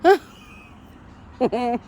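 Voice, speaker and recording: A vlogger is out on a street walking her cat on a leash, coaxing it along with affectionate, laughing, casual talk. Her voice is mellow and extremely slow, and faint street and traffic noise sits in the background.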